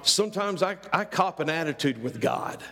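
A man's voice: fairly high pitch, animated, normal speed, pushed and bright, long reverb tail. A middle-aged male pastor preaching a sermon with rising fervor and repeated phrases.

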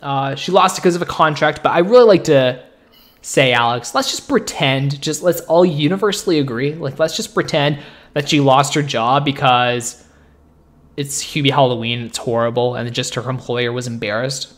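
A man co-hosting a podcast in casual chat, joking and rambling with quick asides. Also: medium pitch, a bit bright. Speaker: podcast co-host.

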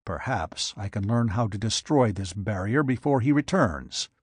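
A man's voice: lowish voice, expressive, moderate pace, slightly rough, no echo. A man playing a growling hairy giant. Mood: brooding. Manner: growling, blunt. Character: brutish hairy giant man, scheming and contemptuous.

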